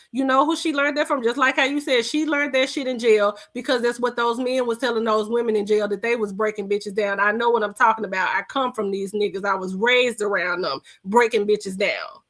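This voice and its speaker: A woman hosts a podcast, tearing into someone in a heated reaction rant. Her voice sits a little high, and she speaks bluntly, with heavy profanity and a scolding edge. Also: brisk, a bit bright. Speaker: podcast host.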